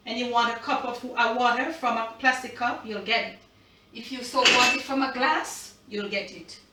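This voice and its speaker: A woman's voice: fairly high pitch, bright, forceful tone, distant mic. A middle-aged Jamaican woman hosting a cooking vlog from her home kitchen, chatty and emphatic as she speaks straight to her viewers. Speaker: cooking channel host. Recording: echoey kitchen, away from the mic.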